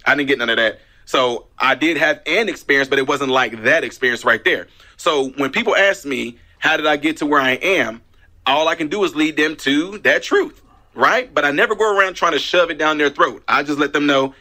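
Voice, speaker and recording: A man talking on the radio, a minister by calling, telling his story with lively emphasis and plenty of repeats. His voice sits a little high for a man and sounds bright and forceful. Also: normal speed. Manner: animated storytelling, emphatic repetitions. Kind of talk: casual radio talk. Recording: radio broadcast.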